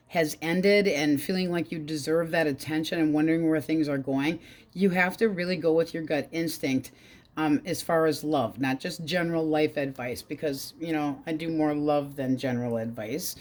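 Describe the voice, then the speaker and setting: Woman, low voice, casual tarot reader, blunt and profane. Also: a little mellow. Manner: blunt, swears freely, quotes in exaggerated voices.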